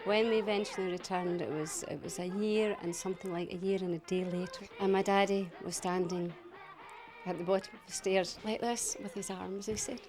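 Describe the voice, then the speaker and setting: A woman interviewed for a documentary, telling her story in an emotional, animated way. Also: medium pitch, moderate pace, music in the background.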